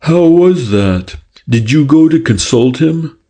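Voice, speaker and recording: A man's voice: on the high side, lively intonation, slow, mellow, pitched above the performer's own voice, full character voice. A man reading aloud, voicing a courteous police inspector who speaks kindly and soothingly, a little testy. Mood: reassuring.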